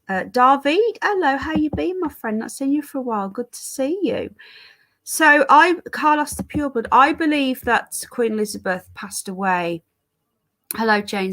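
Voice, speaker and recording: A woman's voice: a little high, fairly bright tone. Chatty English woman live-streaming. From England. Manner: chatty, greeting viewers by name; talks while fiddling with settings. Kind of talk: casual live-stream chat.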